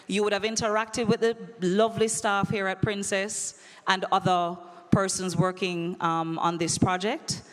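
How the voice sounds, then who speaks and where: A woman hosting a quiz at a conference, teasing the crowd in a playful, animated way. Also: mid-range voice. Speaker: conference emcee running a quiz. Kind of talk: lively live event hosting. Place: large conference hall. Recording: long echoey hall reverb.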